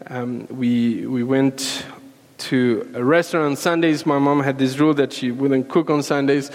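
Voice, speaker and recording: A man from Peru preaching a sermon, earnest and repetitive, building to fervent emphasis. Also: medium pitch. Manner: earnest, repeats phrases, rising to fervent emphasis. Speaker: pastor. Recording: long reverb of a large room.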